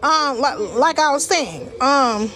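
Combative high-pitched woman livestreaming. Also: animated, slow, sharp tone, slight background noise. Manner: combative, profane, repeats words while restarting. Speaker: livestreamer addressing viewers. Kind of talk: casual livestream rant.

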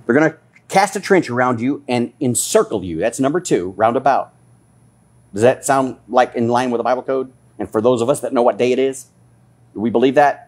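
A male pastor delivers a fiery sermon and scolds his listeners with rising passion. His voice is husky and a little breathy, and it sits at an ordinary male pitch before it climbs. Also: a little fast, a little mellow.

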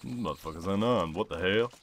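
A man's voice: low-pitched, a little fast, a little hiss or hum. A man role-playing a brash, profane character in a game, often talking about himself in the third person. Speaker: let's play gamer.

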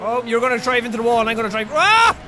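A young man giving loud, excitable gameplay commentary with frequent shouting outbursts. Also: very high voice, racing. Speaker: gaming video host. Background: game music.

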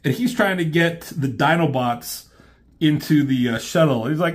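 A man's voice: fairly high pitch, moderate pace. A man casually retelling a comic, rambling with many fillers and the odd swear word. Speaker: reviewer.

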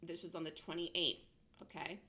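A woman coaching day traders over a chart walkthrough, blunt and emphatic, punctuating her points with "boom". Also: little pitch movement, normal speed, pushed and bright. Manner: emphatic, punchy with "boom" interjections; blunt, self-assured. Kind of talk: screen-share trading lesson.

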